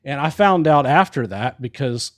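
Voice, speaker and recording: A man's voice: mid-range voice, expressive, moderate pace. A married man hosting a live stream, telling a story casually with swearing and laughs. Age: adult with a wife. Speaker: livestream host. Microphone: live stream microphone.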